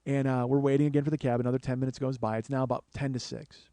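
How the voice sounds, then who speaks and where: Fast-talking, animated comedian in his forties. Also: medium pitch, dry recording. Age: 40s. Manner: animated, profane, exasperated. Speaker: comedian podcast host. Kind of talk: comic storytelling monologue. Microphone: close studio mic.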